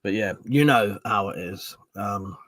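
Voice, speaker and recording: A man's voice: lowish voice, measured pace, fairly bright tone, dry recording. A man with a Southern English accent hosting a casual live stream, swearing freely, bantering and reading out viewer comments. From Southern England.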